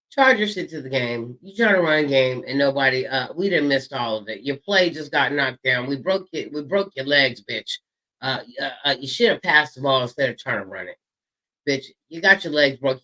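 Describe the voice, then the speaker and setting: A bright-voiced man hosts an online drama show. He taunts a rival with a stream of profanity, leaning on each insult and stretching words out. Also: medium pitch, expressive, brisk, rough recording. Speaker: show host. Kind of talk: heated drama commentary.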